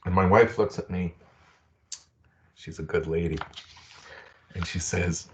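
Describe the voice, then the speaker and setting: A man's voice: sits low, steady tone, a little slow, long pauses, muffled recording, slight background noise. A middle-aged man giving a webinar talk, earnest and personal, telling stories from his own life. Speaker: presenter. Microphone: video call.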